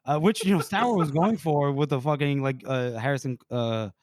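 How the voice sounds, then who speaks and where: A man's voice: a little high, moderate pace, a little mellow, dry recording, clean studio sound. A man co-hosting a podcast, casually retelling a book scene, laughing often and swearing freely. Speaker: podcast co-host.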